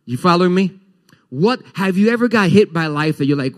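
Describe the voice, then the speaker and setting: A man preaching in church, his voice a touch high for a man. He moves from soft, low asides to loud, rising emphasis while he unpacks a scripture passage for the congregation. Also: normal speed. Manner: animated preaching, voice rising and falling widely. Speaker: pastor. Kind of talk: sermon.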